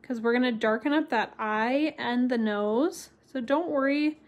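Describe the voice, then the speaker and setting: Slow-talking woman teaching watercolor. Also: fairly high pitch, muffled recording. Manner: chatty and encouraging, reads viewer comments aloud and laughs often. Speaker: watercolor stamping instructor. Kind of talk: live-streamed craft tutorial.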